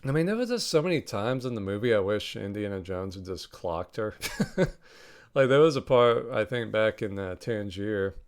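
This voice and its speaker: A man's voice: on the low side, moderate pace, clean tone. A man hosting a podcast, reviewing a film in a casual, rambling, profane way with frequent laughs. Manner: profane, laughing, animated retelling.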